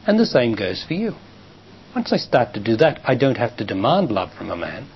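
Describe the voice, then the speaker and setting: An older man with an Australian accent, a spiritual teacher answering a question from the audience in a calm, emphatic way. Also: medium pitch, normal speed. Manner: calm, emphatic, acts out quoted dialogue. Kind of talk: public talk answering a question. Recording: muffled 1990s live talk tape, faint hiss.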